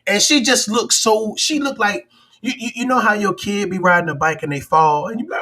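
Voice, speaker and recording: A livestream show host with a high-pitched, pushed, bright voice talks a little fast. He chats casually and animatedly on his live-stream talk show, often acting out other people's voices.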